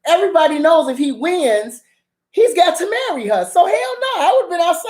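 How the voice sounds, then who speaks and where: A woman's voice: very high-pitched, fairly quick. A woman ranting casually about a TV drama, swearing and laughing often as she recaps scenes. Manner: profane, animated, laughs often. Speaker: drama review vlogger.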